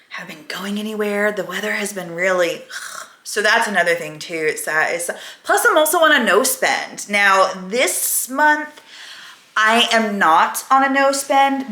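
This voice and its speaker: A woman rambles candidly through her week in a casual home vlog. Her voice is sharp and forward, and the room around her echoes noticeably. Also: mid-range voice. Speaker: vlogger. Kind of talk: casual weekly vlog chat. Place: at home, indoors.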